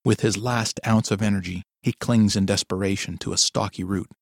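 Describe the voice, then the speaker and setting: A man narrates a dark tale in a low, measured storytelling voice. His tone carries a gravelly fry and sits on the lower side. The recording is close and dry. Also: fairly even intonation, no echo. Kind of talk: dramatic audiobook narration.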